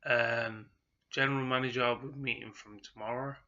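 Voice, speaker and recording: A man giving a rambling, casual vlog update, his throat sounding rough and groggy. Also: mid-range voice, steady tone, moderate pace, pushed and bright, dull audio. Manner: rambling, with frequent restarts. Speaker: vlogger.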